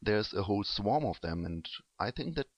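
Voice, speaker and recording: A man on a casual film podcast, joking and acting out quoted lines in a relaxed way. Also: lowish voice, normal speed, dry recording, highs cut off. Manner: relaxed, jokey, acts out quotes. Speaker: podcast panelist.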